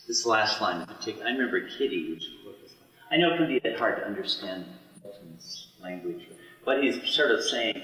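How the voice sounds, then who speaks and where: A man with a lowish, bright voice leads a small study group through poetry, unhurried and full of fillers. He is picked up by a boom mic some distance away, so the sound is roomy with a long reverb. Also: animated. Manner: unhurried, explains and reads verse aloud with many fillers. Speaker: study session leader.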